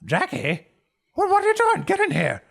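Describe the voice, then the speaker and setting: Guy doing a squeaky jumpy barkeep, sweats and yelps, voice leaps way up high, tabletop game. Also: huge pitch swings, fairly quick, vocal fry, breathy edge, full character voice. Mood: worried. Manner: panicky, high-strung and loud. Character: jittery, sweaty male tavern keeper.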